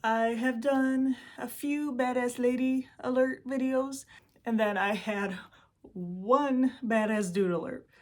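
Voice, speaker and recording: A woman's voice: a little high, slow pace. A young American woman hosting her own channel, telling a story in a chatty, rambling way with giggles and asides. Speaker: host. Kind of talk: casual storytelling vlog.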